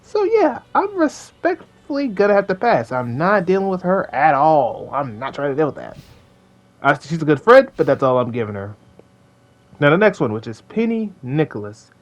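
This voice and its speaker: A man giving a casual commentary rant, animated and mocking, laughing at his own jokes and slowing right down to stress his words. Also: mid-range voice. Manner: animated, mocking, swings between fast rants and slow drawn-out emphasis; joking, blunt, laughs at his own lines. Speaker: video creator.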